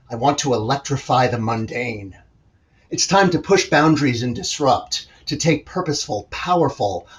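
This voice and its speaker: A man from New York City performing a polished, rhythmic slam poem with confident delivery. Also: medium pitch. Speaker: slam poet.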